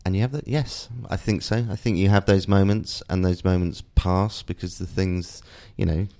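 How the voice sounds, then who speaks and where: Middle-aged man, very deep voice, reflective, halting restarts, candid interview guest. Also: steady tone, warm tone. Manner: reflective, searching for words with frequent restarts. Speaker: guest, father and TV writer.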